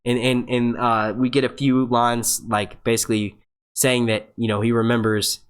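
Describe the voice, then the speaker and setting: A man hosting a casual live review stream, excitable and profane, rambling and restarting his sentences as he talks into his webcam. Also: medium pitch, normal speed, clean tone. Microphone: webcam setup.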